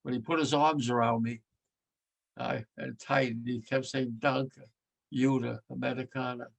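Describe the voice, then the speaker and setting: Veteran in his nineties, gravelly voice, giving plain, vivid war testimony. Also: steady tone, moderate pace. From United States. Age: 90s. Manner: blunt and vivid, voice sinks low and quiet when moved.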